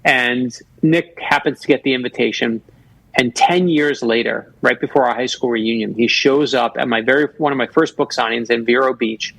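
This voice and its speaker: Guest author, a man in his fifties, with a husky voice and a dry, close sound. He tells earnest personal stories. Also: medium pitch, normal speed, fairly bright tone, no echo, rough recording. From Florida. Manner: earnest storyteller who acts out quoted voices. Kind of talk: storytelling in a radio interview.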